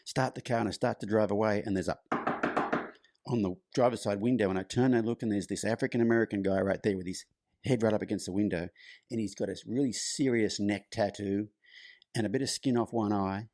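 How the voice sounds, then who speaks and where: Low-voiced man telling a story. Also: brisk, dry recording. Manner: lively anecdotal storytelling, loose and chatty. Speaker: guest, horse clinician. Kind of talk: storytelling in conversation.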